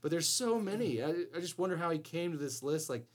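US man, podcast co-host, swings his pitch around a lot, crude playful banter. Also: fast. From Georgia, US. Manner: animated, profane, playful jokey delivery.

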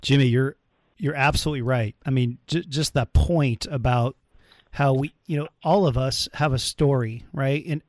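A man's voice: mid-range voice, moderate pace, darkish tone, dry recording. A man hosting a podcast, speaking earnestly in a casual interview with frequent restarts. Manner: earnest, many fillers and restarts. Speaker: podcast host.

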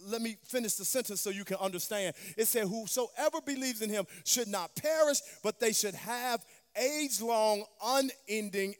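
Brief: woman preacher, sermon delivery, emphatic call-and-response, reverberant hall. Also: low voice.

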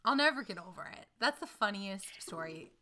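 Casual female co-host, bright voice, animated and wry. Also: mid-range voice, brisk, a little hiss or hum. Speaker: podcast co-host. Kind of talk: casual chat retelling a fairy tale.

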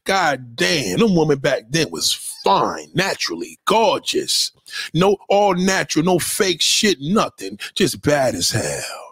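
A man's voice: a little high, sing-song, slow pace, a bit bright, breathy edge, no echo, clean studio sound. A man hosting an online show, giving loose, profane commentary on songs, exclaiming constantly and lecturing his listeners bluntly.

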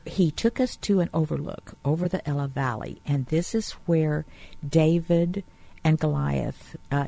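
A woman's voice: deep voice, creaky, dark tone, no echo. A woman guest on a radio show who talks enthusiastically and chattily about a tour she managed. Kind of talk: radio interview.

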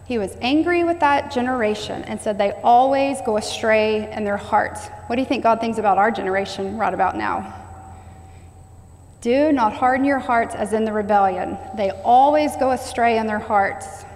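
A woman's voice: a little high, moderate pace, darkish tone. A woman preaching a sermon, repeating key phrases and asking the congregation to say them back. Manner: call-and-response preaching, stressing repeated phrases. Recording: long hall reverb.

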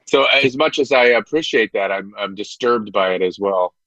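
A middle-aged man from Indiana, an actor guest chatting on a podcast, self-deprecating and halting, with many fillers and restarts. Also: lowish voice, a bit bright, no echo, lo-fi sound. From Indiana, United States. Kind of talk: casual podcast chat.

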